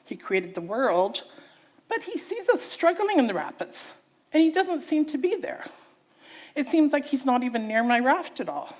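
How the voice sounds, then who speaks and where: A woman's voice: sits high, normal speed. A woman preacher in a church giving a sermon, acting out a story with theatrical voices and drawing the audience in. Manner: animated, theatrical, engaging the audience.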